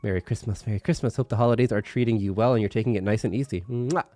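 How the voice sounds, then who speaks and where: A young man streaming casual chat, his nose congested, laughing often and slipping into halting Japanese. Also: fairly low pitch, mellow, no room sound.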